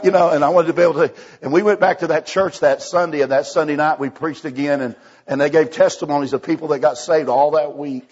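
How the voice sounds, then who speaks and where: A man's voice: fairly high pitch, fairly even intonation, fast, few pauses, a little mellow, husky, highs cut off. A man preaching a folksy sermon, telling a story and acting out the dialogue with many restarts. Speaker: evangelist preacher.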